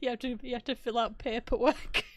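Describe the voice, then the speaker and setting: A woman co-hosts a relaxed stream, joking along and laughing easily. Her voice sits a little high, and the sound is dry and close. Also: fairly quick, no echo. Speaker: co-host. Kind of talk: casual live-stream chat.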